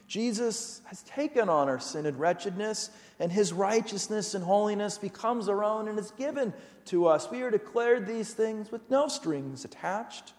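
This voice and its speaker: A man's voice: high-pitched, expressive, normal speed, hardly any pauses, a little mellow. A man preaching a sermon as pastor, earnest and emphatic, asking his listeners pointed rhetorical questions. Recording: long hall reverb.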